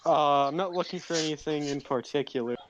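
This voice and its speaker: A man's voice: fairly high pitch, brisk, dull audio, a little hiss or hum. A man taking part in a tabletop game, speaking in a hesitant, stammering way. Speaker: player. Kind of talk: casual tabletop play.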